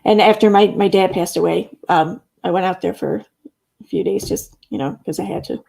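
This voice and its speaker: Chatty woman streamer with a gravelly voice. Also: lowish voice, moderate pace, mellow. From Central New York. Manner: chatty, laughs often, reads chat comments aloud. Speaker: live streamer. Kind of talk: casual live stream chat reading comments.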